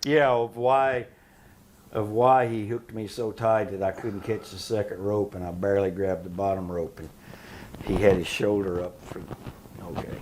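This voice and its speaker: A man telling wrestling-career stories in an interview, animated and profane, laughing often. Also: on the low side, moderate pace, a little hiss or hum. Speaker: interview guest, retired wrestler. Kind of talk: shoot interview storytelling.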